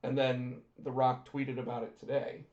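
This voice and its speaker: In a dull, lo-fi recording from an echoey room, a man co-hosts a casual wrestling podcast. He talks animatedly and imitates what others said, though his medium-pitched voice keeps a level tone at a moderate pace and sounds a little mellow.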